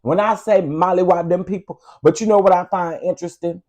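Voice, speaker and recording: A man's voice: high voice, fairly even intonation, a little fast. A man hosting an online commentary show, ranting emphatically and sassily. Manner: loud, emphatic, sassy.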